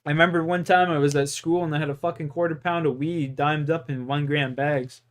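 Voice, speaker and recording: A man's voice: a little high, fairly even intonation, brisk. Profane young man telling stories. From Canada. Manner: profane, rambling, laughing. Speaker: gaming streamer. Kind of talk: casual storytelling.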